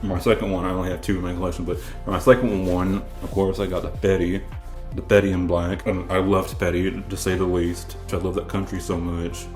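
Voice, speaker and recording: A man's voice: deep voice, level tone, a little fast, a little mellow. A young man from the American South chatting casually about his hat collection, rambling with frequent restarts. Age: young adult. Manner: rambling, restarts often, laid-back storytelling. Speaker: vlogger. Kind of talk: casual show-and-tell chat. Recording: echoey room with faint music.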